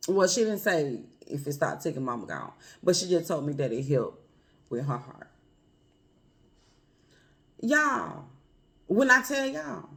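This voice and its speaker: A woman speaking earnestly and personally to her viewers, calling them y'all and family, with a quiet, emotional edge. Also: deep voice, big pitch swings, measured pace, gravelly, long pauses. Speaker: vlogger. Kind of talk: heartfelt personal talk to camera.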